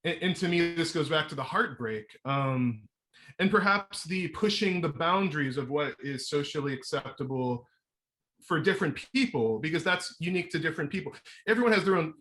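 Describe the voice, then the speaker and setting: A man hosting a casual conversation, hesitant and searching for words, with many pauses and restarts. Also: on the high side, expressive, bright, forceful tone. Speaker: host.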